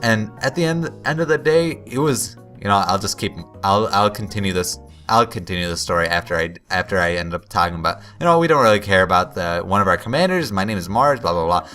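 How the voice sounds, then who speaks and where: This young adult commentator's voice sits on the low side, bright and forceful, with lively intonation and a brisk, nearly pauseless delivery; faint music plays behind. He rambles through a story while playing, interrupting himself and quoting what he said.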